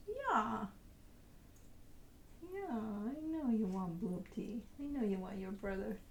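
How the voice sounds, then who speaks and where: A woman's voice: medium pitch, expressive, slow, roomy sound. Woman cooing baby talk at her dogs. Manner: cooing baby talk, laughing, sometimes whispering. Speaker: tarot reader host. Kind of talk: casual chat talking to her dogs.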